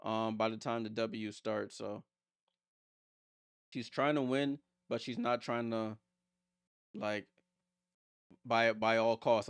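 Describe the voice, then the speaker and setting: A man's voice: lowish voice, steady tone, slow, pauses often, clean tone, no room sound, studio quality. A man streaming a casual live watchalong, calling plays and answering viewer comments with blunt, teasing remarks. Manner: reads viewer comments aloud and answers them.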